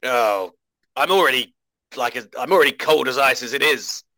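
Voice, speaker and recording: A man plays his character in a tabletop game with a bright, forceful voice. He talks in a playful, joking way, and the recording is dry and close. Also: medium pitch, expressive, moderate pace, dry recording, poor audio. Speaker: player.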